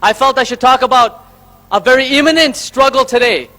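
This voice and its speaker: A man's voice: very high-pitched, a little fast, sharp tone. A man from Karnataka, giving an emphatic public speech from a stage and listing his points in order. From Karnataka, India. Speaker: invited speaker.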